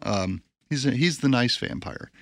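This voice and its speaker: A man at an ordinary, mid-height pitch, co-hosting a relaxed talk show. He reads from his notes in a loose way, stumbles over hard words and slips in jokes. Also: normal speed. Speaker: podcast co-host. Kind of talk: casual chat.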